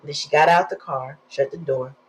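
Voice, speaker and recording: A woman's voice: sits low, normal speed, breathy edge, rough recording. A woman giving a casual tarot reading, chatty and slangy, telling stories with sighs in between. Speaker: tarot reader.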